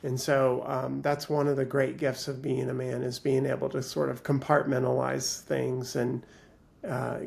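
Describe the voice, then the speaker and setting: A man who works as a life coach, talking as a guest in a reflective, measured way, with many pauses and fillers. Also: mid-range voice, level tone, creaky, darkish tone. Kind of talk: reflective interview talk.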